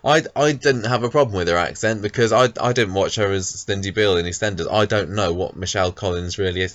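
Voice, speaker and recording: A man's voice: on the low side, quick pace, fairly bright tone, dry recording, lo-fi sound. A man co-hosting a casual podcast, talking about a soap character with lots of ums and restarts. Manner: hesitant, many ums and restarts. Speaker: podcast co-host.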